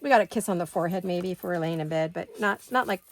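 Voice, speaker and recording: An older woman in her sixties chats away from her home craft studio, rambling and thinking aloud as she works. Her voice sits low and carries a gravelly fry, with a faint hiss of noise underneath. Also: quick pace. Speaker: craft video host. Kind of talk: casual chat while crafting.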